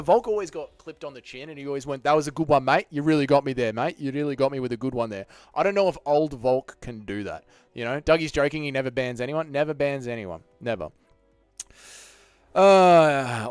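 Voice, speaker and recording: Australian male stream host, slightly high voice, swears freely, jokes with chat, dry close sound. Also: dry recording. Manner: profane, joking banter with chat. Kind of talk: casual live-stream chat.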